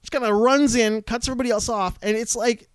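Fast, high-pitched man telling stories. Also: clean tone, dry recording, studio quality. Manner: animated, profane, quick-talking storyteller. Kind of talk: casual storytelling chat.

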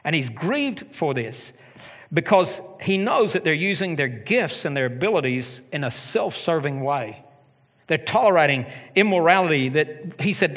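Animated pastor preaching in a reverberant hall. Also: male voice, a little high, normal speed. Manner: animated preaching with joking asides. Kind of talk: sermon. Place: church sanctuary.

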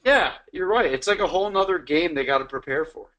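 High-voiced man in blunt banter. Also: animated, brisk, a bit bright. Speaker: podcast co-host. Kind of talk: casual chat.

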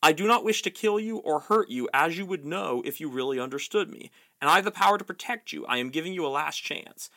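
A guy doing stern old wizard, commanding, slow, bright tone. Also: on the high side, lively intonation, creaky, exaggerated voice.

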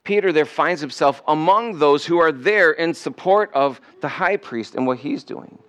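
A man's voice: on the high side, normal speed, fairly bright tone, clean tone. A male pastor preaching a sermon in a conversational way, now and then acting out the people in the story. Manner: conversational preaching, acts out quoted voices. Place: church sanctuary.

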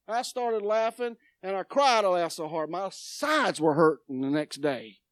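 Woman preacher, slow, dramatic sermon delivery, dry close sound. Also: mid-range voice, no echo. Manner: dramatic, swings from loud declaring to quiet asides. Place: church sanctuary.

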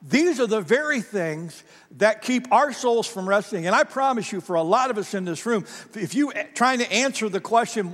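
Pastor preaching with emphatic, repeating phrasing. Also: male voice, sits high, animated, normal speed, a bit bright. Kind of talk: sermon. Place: church sanctuary. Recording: long church hall reverb.

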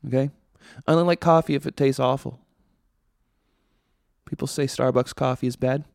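A man in the middle of his pitch range rants sardonically through a casual comedy monologue as a podcast host. He swears freely. His voice sits close and dry, with no room around it. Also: fairly even intonation, moderate pace, creaky, a little mellow, dry recording. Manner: ranting, sardonic, profane.

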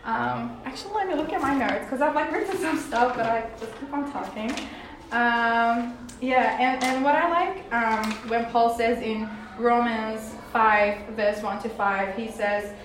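A woman's voice: a little high, a little slow. A young woman sharing a personal faith testimony, rambling, with many fillers and restarts. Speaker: testimony speaker. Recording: echoey room from far off, faint noise.

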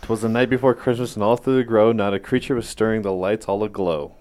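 A man on a podcast reading a holiday parody poem aloud, hesitant at times and quick to put himself down. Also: lowish voice, fairly even intonation, darkish tone. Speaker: podcast co-host.

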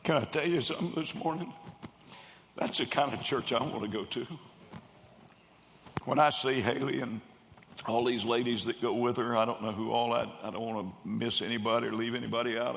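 Male pastor, mid pitch, lively storytelling sermon, big echoing church hall. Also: fairly quick, creaky, slight background noise. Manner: animated storyteller, raises voice for quoted characters. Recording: long hall reverb.

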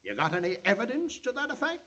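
An actor playing a stubborn, duty-bound frontier town marshal with a folksy drawl in a 1940s radio drama, in a dull old radio recording. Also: male voice, extremely high pitch, wildly swooping pitch, quick pace, sharp tone, full character voice. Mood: stern.

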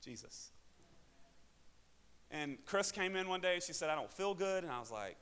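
A man with an Arkansas accent, a pastor telling a personal testimony in a sermon, moving between loud preaching and quiet asides. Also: sits high, expressive, normal speed, long pauses, clear, resonant tone. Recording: hall reverb.

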